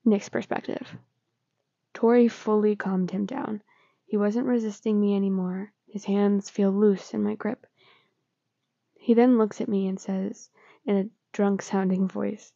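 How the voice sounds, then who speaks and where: A woman reads fan fiction aloud in a plain, unhurried way. Her voice is gravelly and dark. The recording is close, dry and lo-fi. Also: mid-range voice, fairly even intonation, no room sound. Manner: plain, unhurried reading with small slips. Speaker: fanfiction reader.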